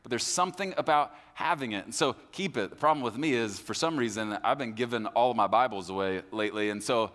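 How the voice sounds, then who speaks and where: A man's voice: mid-range voice, fast talker, few pauses, fairly bright tone. A man pastor giving a conversational sermon, acting out listeners' voices, recorded live in a church hall. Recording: live hall with long reverb.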